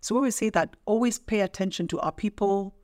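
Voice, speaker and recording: A woman's voice: medium pitch, brisk, darkish tone. A middle-aged woman speaking as a podcast guest, an emphatic, teacherly trainer who asks rhetorical questions. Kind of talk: casual podcast interview.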